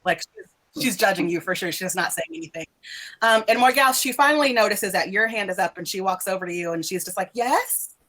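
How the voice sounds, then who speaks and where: A woman's voice: medium pitch, a little fast, fairly bright tone. A woman game master narrating a tabletop game in a loose, conversational way. She rambles casually, filling her sentences with "like" and breaking into laughter. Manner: loose, chatty, full of "like" and laughs.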